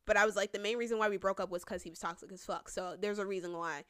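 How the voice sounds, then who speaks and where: Young woman spilling a storytime, bright voice, animated and cussing a lot. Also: mid-range voice, quick pace, hardly any pauses. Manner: animated, heavy swearing. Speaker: podcast host. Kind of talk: casual storytime narration.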